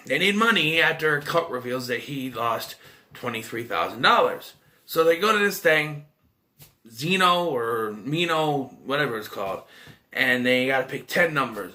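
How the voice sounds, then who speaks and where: Man, movie reviewer, rambling recap, lively swooping pitch, bright tone. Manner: rambling, animated retelling with quoted reactions.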